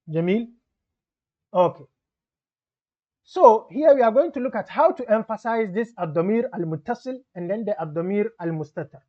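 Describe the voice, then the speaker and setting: A man's voice: sits high, highs cut off. A man teaching a grammar lesson, explaining methodically and repeating each term and example. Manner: methodical, repeats terms and examples, mixes Arabic terms into English.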